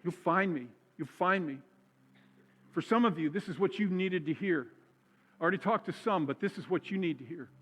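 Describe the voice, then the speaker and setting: Male pastor, high-pitched, conversational sermon delivery, church hall reverb. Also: moderate pace, fairly bright tone. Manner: conversational preaching, repeats key phrases for emphasis. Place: church sanctuary.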